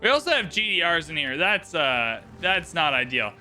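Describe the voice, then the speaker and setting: A man's voice: on the high side, very animated, moderate pace, bright, forceful tone. A man giving casual, joking commentary on a game during a livestream, chatting with playful asides. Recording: game music behind.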